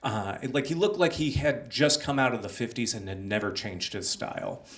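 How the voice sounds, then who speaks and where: A man's voice: mid-range voice, normal speed, a bit bright. A young man telling a personal story on a small theater stage, conversational and full of "like" and "uh". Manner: conversational, filler-heavy with many "like" and "uh". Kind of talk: live storytelling.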